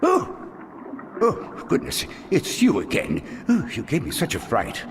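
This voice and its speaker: A man's voice: on the high side, wildly swooping pitch, unhurried, noisy background. A man voicing a fussy, easily startled older male librarian with a prim, chatty, slightly pompous manner in a video game.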